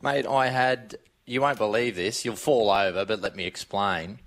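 An Australian man on a radio racing panel, chatting in a relaxed, laughing way. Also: fairly low pitch, moderate pace. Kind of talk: casual radio panel chat.

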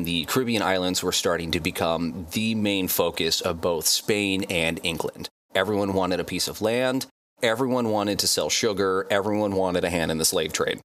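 A man with a somewhat low voice talks through facts on a casual podcast. His delivery is laid-back and conversational, with casual swearing mixed in. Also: a bit bright. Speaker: podcast guest presenting facts.

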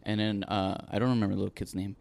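A man's voice: lowish voice, level tone, very fast, vocal fry, a little mellow, no room sound. A man in his twenties co-hosting a podcast, telling stories in a laid-back way, chuckling and cursing freely. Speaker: podcast co-host. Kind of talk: casual chat.

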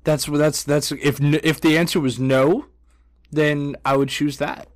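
A man's voice: on the high side, little pitch movement, measured pace, dry recording, clean studio sound. A man co-hosting a podcast in casual chat, laid-back and jokey, often trailing off and restarting. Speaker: podcast co-host.

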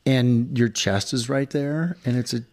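A man's voice: medium pitch, a little slow, darkish tone. A middle-aged man co-hosting a podcast, telling a long story in a rambling casual way and acting out the people in it. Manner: rambling storyteller, acts out quoted voices. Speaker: podcast co-host. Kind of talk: casual chat.

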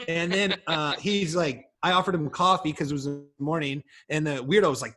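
A man's voice: fairly high pitch, fairly quick, a bit bright, breathy edge. A man on a podcast, chatting casually and telling rambling, profane stories. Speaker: podcast guest. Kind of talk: casual chat.

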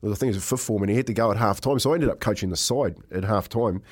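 A man's voice: lowish voice, very fast. Middle-aged New Zealand man, co-host; rambling storyteller, talks casually. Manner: rambling, says "mate" a lot.

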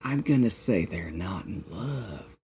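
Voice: sits low, takes it slowly, a loud crowd. A podcast co-host chatting and joking about the story. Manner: joking, animated interjections. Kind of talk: casual chat.

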